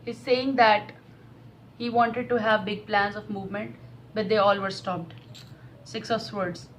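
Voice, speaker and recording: A woman's voice: mid-range voice, little pitch movement, unhurried, slight background noise, low-quality recording. A woman giving an emotional, repetitive tarot reading to camera. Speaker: tarot reader.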